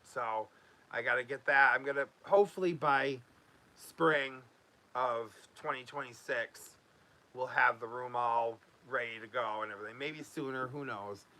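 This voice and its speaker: A man's voice: medium pitch, normal speed, bright, forceful tone. A man hosting a casual home vlog, talking loosely with many fillers and restarts. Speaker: YouTube host.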